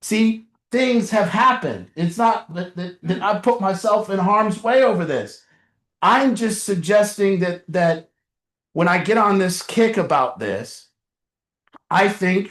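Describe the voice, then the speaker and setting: A man who runs a recovery program explains his views earnestly, reasoning aloud and leaning on "you see". His voice sits high for a man. The sound bounces around an echoey room. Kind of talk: conversational discussion.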